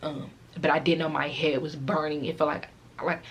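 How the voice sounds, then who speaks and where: A woman's voice: deep voice, level tone, moderate pace, husky. A teenage girl vlogger telling a casual, rambling storytime, fighting back tears as she talks.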